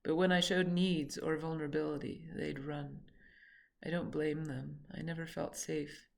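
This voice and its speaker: A woman reads her own memoir aloud, reflective and halting, sometimes correcting herself mid-sentence. Her voice is low-pitched and creaky with a flat delivery.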